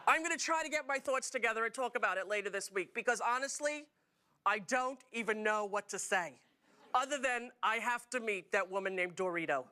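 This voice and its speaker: A woman's voice: fairly high pitch, animated, fairly quick, sharp tone, a little hiss or hum. A middle-aged woman hosting a talk show, telling jokey stories to a studio audience. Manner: chatty, jokey storytelling with frequent laughs.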